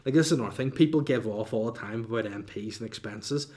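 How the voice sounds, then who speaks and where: A man's voice: fairly low pitch, quick pace, few pauses, dark tone. A man hosting a casual solo podcast, chatting cheekily and reading out listener questions. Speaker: podcast host.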